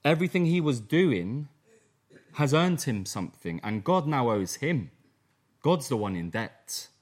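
A male preacher gives a sermon, reading scripture verses aloud. He is dramatic, acting out the quotes in the passage. His voice sits at a middle pitch. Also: big pitch swings, measured pace, darkish tone. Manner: dramatic, acts out the quotes he reads.

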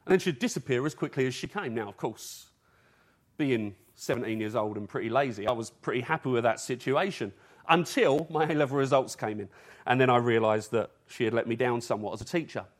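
A man's voice: medium pitch, a little fast. A man from England preaching an evening sermon in an earnest, urgent way, using rhetorical questions.

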